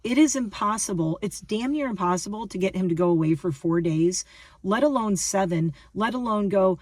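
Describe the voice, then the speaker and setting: A woman in her fifties chats to her vlog audience in a rambling, emphatic way, repeating points and restarting sentences. Her voice sits in a middle pitch and sounds a little distant from the mic in a dry, dead room. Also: normal speed, darkish tone, dry recording. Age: 50s. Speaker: lifestyle vlogger. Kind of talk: casual rambling monologue to camera.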